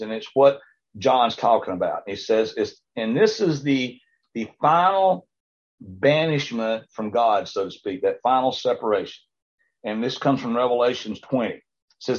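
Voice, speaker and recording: Male Bible class teacher, husky voice of middling pitch, halting and repetitive delivery with frequent restarts, dull lo-fi recording. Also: expressive. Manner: rambling with frequent stammered restarts and check-ins to the class.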